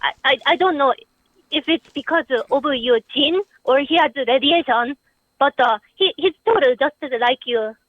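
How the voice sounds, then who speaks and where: A woman's voice: sits high, a little slow, no echo. A woman voicing a young female caller in a put-on Japanese accent, stammering in broken English over a dull phone line. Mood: pleading.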